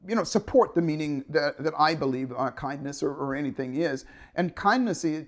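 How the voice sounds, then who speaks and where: A man giving an earnest motivational talk to the camera, often restarting and repeating his phrases. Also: fairly high pitch. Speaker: motivational speaker.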